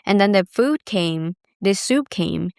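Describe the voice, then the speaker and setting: A woman's voice: medium pitch, expressive, takes it slowly, gravelly, darkish tone, no echo, studio quality. Chatty young woman telling a story. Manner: chatty, lots of filler words, acts out others' voices. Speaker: vlogger. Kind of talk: casual storytelling to camera.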